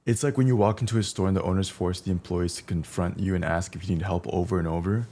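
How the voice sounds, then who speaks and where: Speaking quickly in a low, dark voice with fairly even intonation, a young man cooks on stream and chats casually. He curses without holding back and fills gaps between stories with humming and singing.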